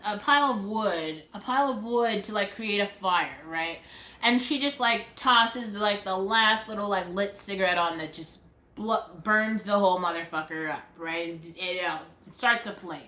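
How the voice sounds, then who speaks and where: Frustrated and swearing, a woman vents in a vlog, filling her sentences with "like." Her voice sits on the high side with a fairly bright tone, and the room echoes noticeably.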